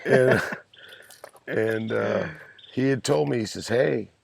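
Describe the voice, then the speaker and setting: Gravelly older man spinning yarns. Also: lowish voice, takes it slowly, slight background noise. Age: 60s. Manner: lively anecdotal storyteller, salty language, chuckles. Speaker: podcast guest, host's father. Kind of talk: casual storytelling.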